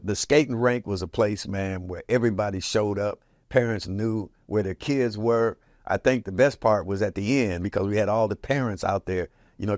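A man in his 70s from Portland, Oregon, recalls community history in casual, lively storytelling. He acts out the voices he quotes with big leaps in pitch and loudness. The studio sound is clean, with no room sound.

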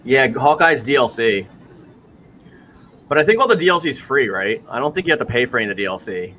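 A young man from New York with a New York accent, chatting casually while reacting to a live stream, full of "like" and quick laughs. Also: mid-range voice, very animated, bright, forceful tone, slight background noise.

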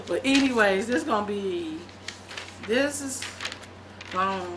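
A middle-aged woman vlogging, chatting casually and reading aloud from a book, with animated, loose storytelling. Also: mid-range voice, slow pace, background noise.

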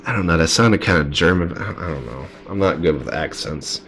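A man's voice: low-pitched, brisk, gravelly, hardly any pauses, fairly bright tone, slight background noise. A man giving laid-back, rambling commentary while playing a game. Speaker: gaming video creator.

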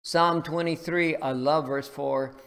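A male pastor delivering a sermon in a gravelly voice with a touch of vocal fry. He speaks earnestly and deliberately, moving from scripture reading into storytelling and prayer. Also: fairly high pitch, fairly even intonation, a bit bright.

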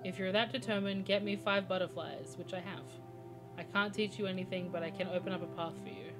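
A woman reading a game character's lines aloud in a low, measured way, close to her own voice. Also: fairly even intonation, over music, lightly acted. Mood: calm.

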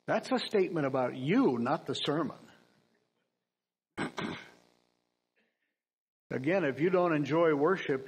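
A man's voice: on the high side, low-quality recording. Earnest male preacher with dry asides. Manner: earnest, emphatic, with dry asides and frequent throat-clearing. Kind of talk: sermon. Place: church.

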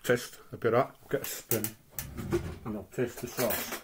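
A man's voice: medium pitch, steady tone, unhurried, very noisy. A man casually reviewing food on his vlog, chatting while he eats with his mouth full.

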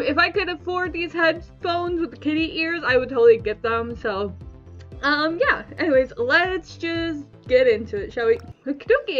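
A woman's voice: high voice, fairly bright tone, highs cut off. A woman giving bubbly, giggly, chatty commentary while playing a video game. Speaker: gaming YouTuber. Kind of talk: casual let's-play commentary.

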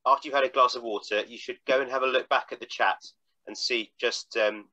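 A man chairing a session thanks the speaker, pausing often with fillers. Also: mid-range voice, steady tone, pushed and bright, highs cut off. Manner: halting, with fillers.

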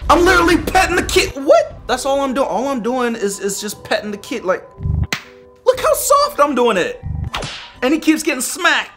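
A young man giving casual, joking commentary while playing a mobile game, reacting loudly and making sound effects. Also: very high voice, big pitch swings, normal speed, faint music behind.

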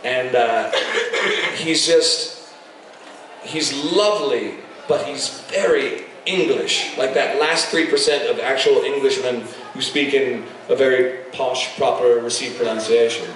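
A man speaking as a guest on a convention panel, effusive and animated, often restarting his sentences. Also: medium pitch, slow. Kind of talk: casual panel talk. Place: large convention hall. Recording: echoey hall, far-off mic, crowd noise.

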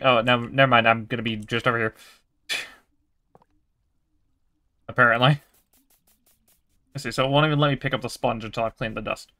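A man's voice: mid-range voice, steady tone, moderate pace, long pauses, bright, forceful tone, no room sound, clean studio sound. A young man giving casual, swearing let's-play commentary while he plays a game. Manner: chatty, swears casually, talks to himself. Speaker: gaming video creator.

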